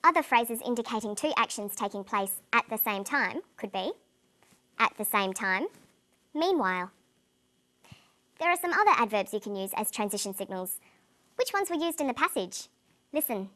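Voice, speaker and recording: Clear, deliberate woman teacher. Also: on the high side, expressive, pushed and bright. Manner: clear, deliberate, slows on example words. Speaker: English teacher presenting a lesson. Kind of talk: scripted educational narration.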